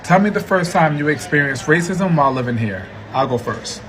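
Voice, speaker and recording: A man's voice: fairly high pitch, a little fast, slight background noise. Man animatedly retelling a story. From United States. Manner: animated, indignant retelling with swearing. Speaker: storytime vlogger. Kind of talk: casual storytime monologue.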